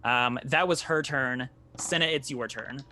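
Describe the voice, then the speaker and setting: A man's voice: medium pitch, a little slow, bright, forceful tone. A man running a tabletop game as game master, narrating combat loosely with fillers and swearing.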